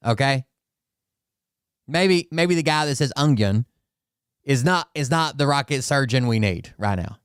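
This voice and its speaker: A man's voice: mid-range voice, lively intonation, unhurried, long pauses, smooth, dry recording, clean studio sound. A man with a Southern US accent hosting casual, profane commentary, rambling and sarcastic as he repeats his points. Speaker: commentary host.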